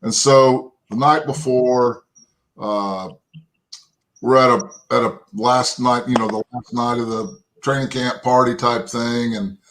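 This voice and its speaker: A Texas man in his fifties, a former pro football lineman, tells rambling, folksy anecdotes as an interview guest, often adding "right?" and "you know". His mid-range voice is steady, slow and fairly bright, on a rough recording.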